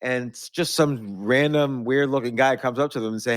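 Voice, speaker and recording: Middle-aged male host, medium pitch, rambling anecdotal storyteller, dead-dry room. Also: lively intonation, moderate pace, a bit bright, no echo. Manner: rambling anecdotes with restarts and laughs. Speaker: podcast host. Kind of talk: storytelling in conversation.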